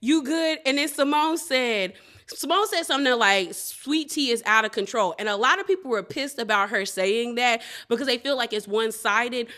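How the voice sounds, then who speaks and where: A woman's voice: on the high side, moderate pace. A woman hosting a casual reality TV recap, talking animatedly and acting out what the cast members said. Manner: animated, laughing, quotes cast members in playful voices.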